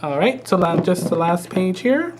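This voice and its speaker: A man teaching a craft project on a live stream, talking in a relaxed, hesitant way and often repeating words. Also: sits high, normal speed, background noise. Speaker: craft instructor. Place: studio.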